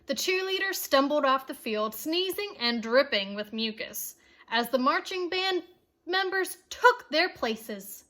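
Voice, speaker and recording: Lady reading a kids book out loud, high bright voice, slow and playful. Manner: expressive, playful storytelling with asides to listeners. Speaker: children's book reader. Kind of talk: storybook read-aloud for children.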